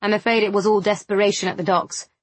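A woman voicing a weary, wry young gentleman who speaks in a tired, dry, understated way. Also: medium pitch, level tone, fast, no echo, natural voice.

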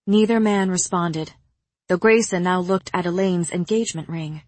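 A woman narrating an audiobook in a measured, even storytelling manner. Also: on the low side, no echo.

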